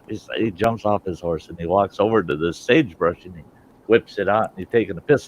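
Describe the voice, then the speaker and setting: A man hosting a casual online chat, telling long jokes and jumping into loud, high voices for the characters. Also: a little fast. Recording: dull lo-fi audio with faint noise.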